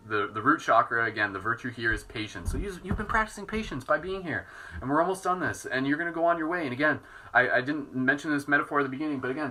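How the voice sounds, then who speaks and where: A man leading a live guided meditation in a relaxed, soft-spoken, self-mocking way. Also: mid-range voice, poor audio. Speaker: meditation teacher.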